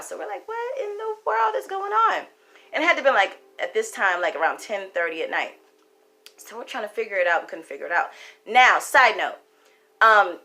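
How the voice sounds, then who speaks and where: A woman telling a story in a casual, animated, sassy way, speaking straight to the viewer. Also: medium pitch. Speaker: storyteller and spiritual reader. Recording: faint background music.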